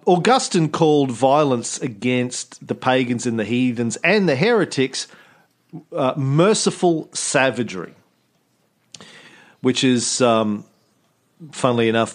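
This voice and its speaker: Joking Australian man, rambling talk. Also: mid-range voice. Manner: rambling, jokey, with repeated restarts. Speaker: podcast host. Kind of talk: casual chat.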